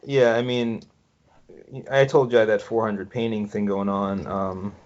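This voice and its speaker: A man's voice: on the low side, little pitch movement, a little slow, a little mellow. A man co-hosting a podcast, chatting in a laid-back way with dry jokes. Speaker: podcast co-host. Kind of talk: casual podcast chat. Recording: dull, muffled sound.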